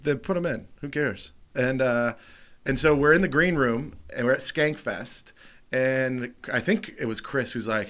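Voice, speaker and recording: A man co-hosting a comedy podcast, telling a wild story in a loud, animated, profane way. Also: mid-range voice, unhurried. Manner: animated, profane, acts out quotes loudly. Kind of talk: casual storytelling chat.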